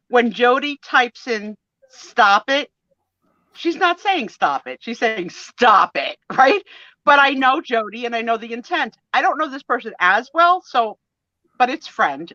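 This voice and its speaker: Woman, sixties, casual live-stream chat, very lively pitch, bright tone, dry slightly muffled sound. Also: moderate pace, dry recording. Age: 60s. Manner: animated storyteller, acts out quoted voices.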